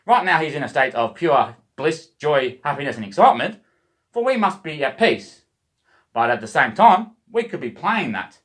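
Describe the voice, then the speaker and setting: An Australian vlogger talks to the camera in a rambling way, swearing nonstop and tossing off loose wordplay about emotion and love while repeatedly calling out to "boys." His male voice sits on the high side with big swings in pitch, a moderate pace, and a fairly bright tone.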